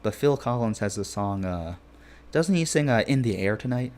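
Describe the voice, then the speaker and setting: Brief: a young male streamer with a mid-pitched voice, casual and rambling, joking while he reads chat. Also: expressive, moderate pace, a little mellow.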